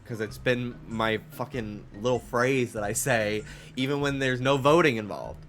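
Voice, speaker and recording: A young man streams from his desk, chatting in a rambling, animated way with plenty of fillers. A faint New York accent slips into his mid-pitched voice, and soft music plays quietly underneath. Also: normal speed. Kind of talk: casual chat with live chat.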